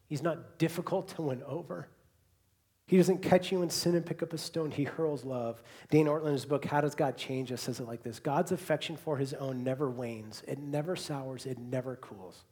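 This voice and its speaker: A man preaching a sermon to a congregation in a church hall, moving between hushed, quiet repetitions and loud, emphatic bursts. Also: a little high. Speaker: pastor.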